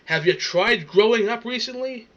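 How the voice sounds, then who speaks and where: A man's voice: extremely high pitch, normal speed, a bit bright, highs cut off. A man ranting in casual commentary, swearing often and stammering as he repeats words. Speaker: streamer reacting to a video.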